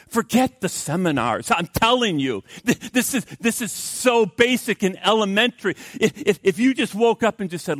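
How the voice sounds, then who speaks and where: High-voiced preaching man, dry sound. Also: lively intonation, normal speed, few pauses, dry recording. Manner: swings from loud urgent pleading to hushed low asides; repeats words and restarts for emphasis. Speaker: pastor. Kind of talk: sermon.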